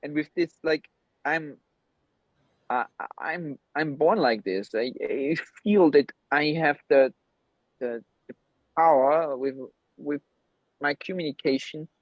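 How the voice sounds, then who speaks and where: On a video call, a men's coach who grew up speaking German talks slowly with long pauses, his voice on the high side and the audio dull and dry with no room sound. As the guest in this relaxed interview he is blunt, swears freely, and rambles in an animated way.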